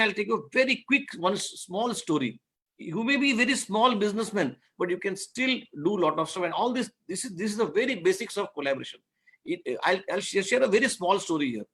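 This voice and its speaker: A man's voice: high-pitched, a bit bright. A man giving an online masterclass, earnest and repetitive, telling a fable to make his business points. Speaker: guest speaker on business law.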